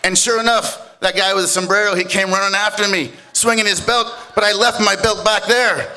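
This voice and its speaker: A man voicing his easygoing young friend, a lover not a fighter, telling his side in a relaxed, matter-of-fact way. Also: sits high, fairly quick, a little hiss or hum, voice pushed up, poor audio. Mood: sheepish pride.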